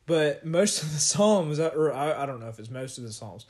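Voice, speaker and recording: Slightly high-voiced man talking scripture. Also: lively intonation, moderate pace, darkish tone. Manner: conversational, with fillers and laughter, reads scripture aloud. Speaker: podcast co-host teaching scripture. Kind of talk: casual Bible study discussion.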